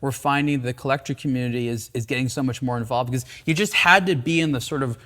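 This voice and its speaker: A man hosting a relaxed conversation about watches, talking with enthusiasm and frequent fillers. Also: mid-range voice, quick pace. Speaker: host, watch editor. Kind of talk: casual conversation.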